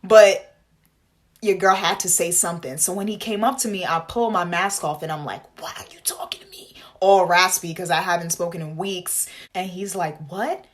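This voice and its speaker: Speaking at a moderate pace, a young woman vlogger retells a story directly to camera in an animated, dramatic way. She uses "like" constantly along with slangy asides, and her voice shoots up high for acted-out quotes.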